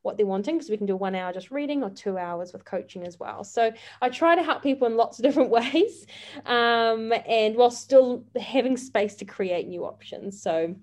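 A woman's voice: on the high side, normal speed, darkish tone. A woman, a life coach speaking earnestly as a podcast guest, with frequent fillers and restarts. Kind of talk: casual interview chat.

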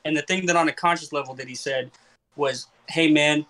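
A man's voice: on the high side, fast, bright, forceful tone. A young man hosting a casual podcast chat, rambling and questioning himself with many restarts. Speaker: podcast host and comedian.

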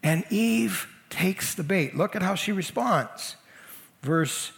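A man's voice: sits high, expressive, measured pace, creaky, a bit bright, in a large hall. A man preaching a sermon as senior pastor, talking to the congregation in a conversational and emphatic way. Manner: conversational, emphatic, leans into quoted voices.

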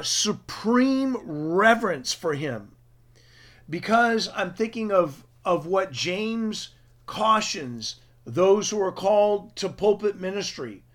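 A man preaching a sermon for radio, slow and emphatic, drawing out key words. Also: high-pitched. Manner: slow, emphatic, drawn-out stresses.

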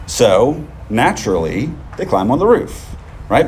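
A man preaching a sermon in a relaxed, conversational way, often checking in with the listeners with a quick "right?". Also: mid-range voice, slight background noise. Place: outdoors on a field.

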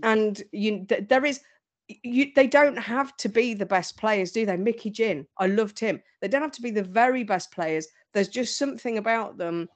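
A woman as a guest, telling stories in an animated, storytelling way. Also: medium pitch, normal speed. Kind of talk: casual fan chat.

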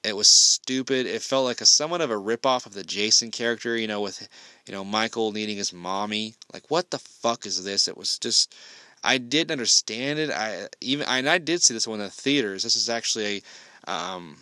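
A man's voice: on the low side, moderate pace, pushed and bright, dry recording. A man giving a casual spoken film review, ranting bluntly and swearing heavily.

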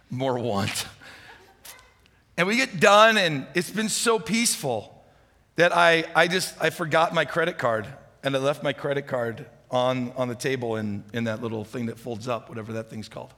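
A man's voice: mid-range voice, moderate pace, sharp tone. A man preaching a sermon, telling a personal story in a conversational way and asking the listeners questions. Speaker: pastor. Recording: long hall reverb.

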